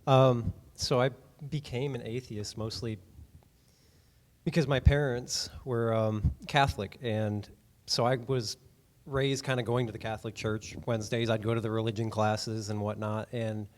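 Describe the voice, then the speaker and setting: A man telling his personal faith story in an interview, speaking softly and hesitantly. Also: mid-range voice, fairly even intonation, unhurried.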